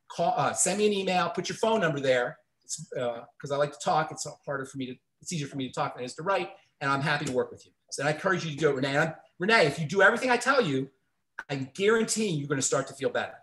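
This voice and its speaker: A man's voice: fairly high pitch, a bit bright. A man hosting a radio health show, giving earnest, encouraging advice to callers in a Q&A.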